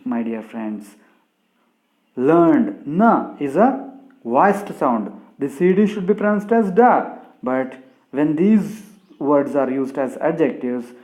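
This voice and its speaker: A man teaching English pronunciation slowly, spelling out sounds one by one and ending phrases with a friendly "my dear friends". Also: dark tone. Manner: slow, deliberate, repeats "my dear friends", drops pitch at phrase ends. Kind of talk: slow classroom explanation.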